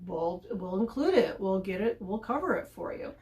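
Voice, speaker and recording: A woman's voice: medium pitch, animated, normal speed, a little mellow. A middle-aged woman hosting a casual advice vlog, chatty and often repeating words as she restarts. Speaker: podcast host and dog trainer.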